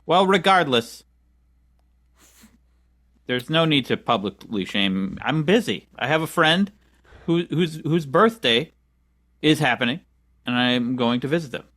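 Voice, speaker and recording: A man's voice: on the high side, expressive, measured pace, pauses often, a bit bright, dry recording, studio quality. A man co-hosting a podcast, playfully defensive and openly sarcastic in casual banter. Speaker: podcast co-host.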